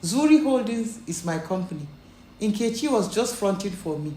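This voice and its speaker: Steady heiress, measured and icy, put on by a woman narrator; room echo. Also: fairly low pitch, slight background noise, close to an everyday voice. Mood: firm. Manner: firm, measured, cool. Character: wealthy young Nigerian woman, calm and firm.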